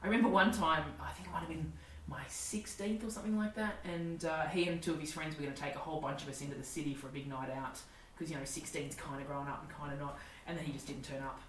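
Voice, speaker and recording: A low-pitched Australian woman in her forties talks fast and candidly, laughing through her stories. She sounds a little distant from the mic in an echoey room. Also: fairly even intonation, a little hiss or hum. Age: 40s. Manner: candid, swearing, laughing storyteller. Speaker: comedian guest. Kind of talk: casual storytelling chat.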